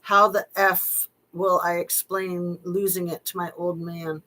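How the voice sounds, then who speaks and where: A woman's voice: fairly low pitch, flat delivery, a little slow, sharp tone, poor audio. A middle-aged woman reading text messages aloud and commenting on them casually, with wry, skeptical asides and frequent fillers. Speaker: true-crime commentator.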